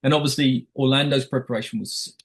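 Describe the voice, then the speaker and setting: A man's voice: medium pitch, steady tone, quick pace, gravelly, low-quality recording. Rambling middle-aged male film director. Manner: rambling, many restarts and quoted asides. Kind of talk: casual interview chat.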